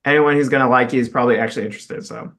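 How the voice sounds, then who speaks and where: A man's voice: mid-range voice, steady tone, rapid-fire, gravelly, fairly bright tone. A man co-hosting a podcast in casual chat, rambling with many fillers. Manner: rambling, full of "you know" fillers. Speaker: podcast co-host.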